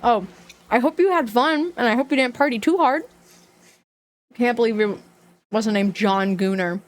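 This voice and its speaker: A woman's voice: a little high, normal speed. A young woman streaming live, chatting casually, giggling and greeting viewers by name. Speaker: livestreamer.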